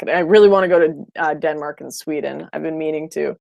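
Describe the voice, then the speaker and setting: A woman chats casually on a livestream, reacting to viewer comments with blunt, opinionated remarks. Her voice sits on the lower side for a woman and sounds dry and close, with no room echo. She often restarts her sentences as she talks. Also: quick pace, creaky, a little mellow, dull audio. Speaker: livestream host.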